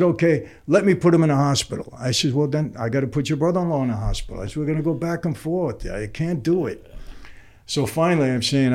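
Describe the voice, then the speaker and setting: An older man, a podcast guest telling a long story and acting out each person's lines. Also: medium pitch. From New York. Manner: animated, acts out the other people's lines. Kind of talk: storytelling in conversation.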